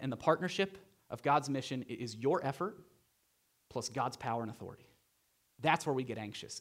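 A young man preaching a sermon as pastor, conversational and animated, with rising bursts of emphasis. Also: sits high.

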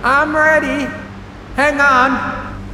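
Young filly, eager and breathless, high squeaky voice, put on by a man reading a story. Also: drawn-out words, slight background noise, heavily acted. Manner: high excited calls from down a well. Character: young female pony filly, eager and frightened.

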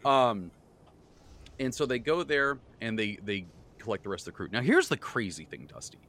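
A man hosting a casual podcast chat, excitably rambling as he recaps the tabletop campaign he runs as game master. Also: medium pitch, moderate pace.

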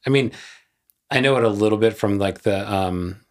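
A man's voice: fairly low pitch, normal speed. A man co-hosting a podcast in casual chat, joking around and laughing often. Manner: playful, laughs often, jokey. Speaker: podcast co-host.

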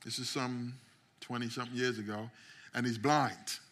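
A middle-aged man preaching a sermon as pastor, telling stories and acting out quotes, building up to loud climaxes. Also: mid-range voice, fairly even intonation, moderate pace. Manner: storytelling, acts out quotes, builds to shouting climax.

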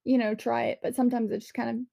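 High, mellow-toned woman co-host. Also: fast, vocal fry. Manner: relaxed, filler-heavy, agreeable. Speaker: podcast co-host. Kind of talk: casual chat.

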